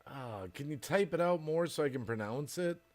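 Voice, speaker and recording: Chatty laughing man with lively pitch. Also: normal speed. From United States. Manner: chatty, laughs often, rambling. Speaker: livestream host. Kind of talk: casual chat reading viewer comments.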